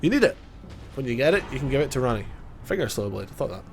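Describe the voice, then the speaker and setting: A man's voice: medium pitch, very animated, fast, gravelly, a little hiss or hum. Casual joking man with a cold. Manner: casual, joking, self-mocking, swears. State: has a cold. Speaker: gaming YouTuber. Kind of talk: gameplay commentary.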